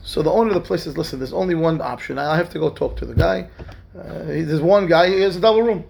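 A man's voice: a little high, quick pace, creaky, a little mellow, slight background noise. A man, a rabbi, telling a story in a lesson and acting out the characters' lines in raised voices. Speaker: rabbi teaching a class.

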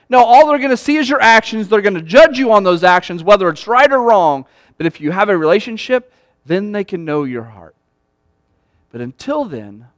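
Male pastor, high voice, dry close sound; conversational, animated sermon delivery. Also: moderate pace, no echo. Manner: conversational, animated, acts out quoted lines.

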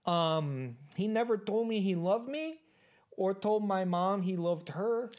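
A performer playing a rambling baby-boomer man in his seventies at an awkward interview, talking haltingly with lots of fillers. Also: expressive, a little mellow. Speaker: interview guest. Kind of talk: improvised comedy interview.

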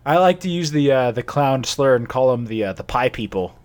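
A man's voice: mid-range voice, lively intonation, brisk, a little mellow. A man co-hosting a comedy podcast, rambling through mock-serious warnings with laughs and fillers. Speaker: podcast co-host.

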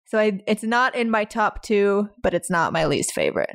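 A woman's voice: mid-range voice, very animated, moderate pace, gravelly, a bit bright. Female podcast co-host, chatty and hedging, casual. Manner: chatty, laughs often, hedging with "like". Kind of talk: casual film review chat.

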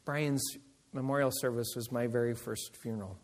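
A man, a pastor, tells stories in a sermon with animated delivery and frequent laughter. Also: medium pitch, moderate pace. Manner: animated storyteller, laughs often. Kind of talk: sermon storytelling. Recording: long reverb of a large hall.

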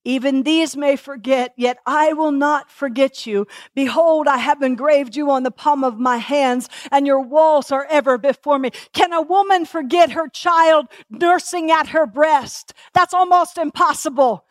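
High-voiced woman preaching with passion. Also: measured pace, few pauses, no echo, clean studio sound. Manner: passionate, repeats phrases, asks the congregation questions. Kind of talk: sermon.

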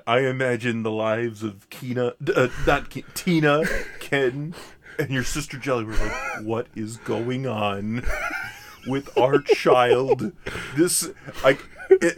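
A man co-hosting a podcast in casual chat, animated and laughing often, with quick bursts of mimicry. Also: mid-range voice. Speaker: podcast co-host.

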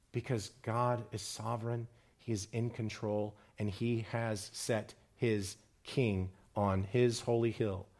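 A man preaching a sermon on a psalm, quoting scripture and retelling stories, climbing higher and louder on key points and dropping quiet for solemn ones. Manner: rises in pitch and volume when stressing points, drops low and quiet for solemn lines.

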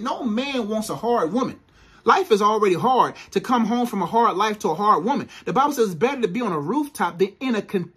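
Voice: mid-range voice, slightly rough. A speaker giving faith-based relationship advice to women in a preachy, emphatic way, repeating points and using casual slang.

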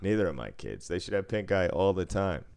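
A man's voice: sits low, lively intonation, brisk, gravelly, a little mellow, clean tone. A man, a radio co-host, telling loose stories with swearing and laughs. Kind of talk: casual chat.

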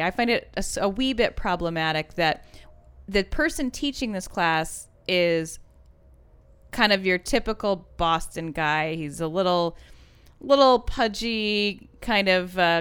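Casual podcast co-host, a woman, chatty, full of fillers, clean and clear, lowish. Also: fairly bright tone. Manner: chatty, many fillers and restarts. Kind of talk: casual chat about ads.

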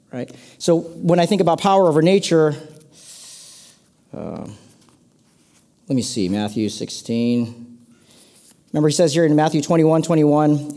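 A man's voice: a little high, dark tone. A man preaching a casual, conversational sermon to a congregation, with playful asides. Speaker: pastor.

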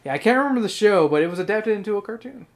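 A man's voice: high-pitched, lively intonation, rapid-fire. A man hosting a podcast in casual chat, rambling and swearing often, with frequent laughs. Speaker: podcast host.

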